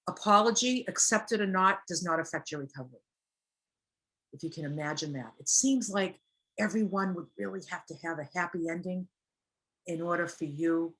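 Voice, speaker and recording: A woman's voice: lowish voice, fairly bright tone. A woman giving a casual teaching talk on recovery, earnest and plain, acting out little example quotes as she goes. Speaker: recovery speaker.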